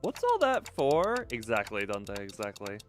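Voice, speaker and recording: A man's voice: on the low side, wildly swooping pitch, unhurried. A man casually reading a game's dialogue aloud on a stream, joking playfully and often hamming up the lines. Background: game music.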